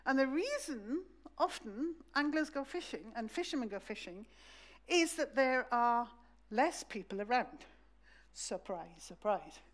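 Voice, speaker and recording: Woman giving a sermon in church, fairly high voice, lively storytelling, does little voices. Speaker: preacher.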